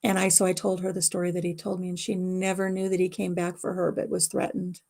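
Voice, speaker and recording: A woman's voice: on the low side, monotone, quick pace, gravelly, a little mellow. A middle-aged woman at home telling a personal family story to her livestream viewers in a rambling, emotional way. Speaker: livestream host. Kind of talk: casual storytelling chat.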